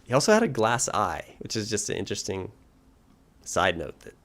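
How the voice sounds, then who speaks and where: A man chatting casually while playing a video game, relaxed and laughing easily. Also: lowish voice, moderate pace. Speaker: game streamer. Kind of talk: casual let's play commentary.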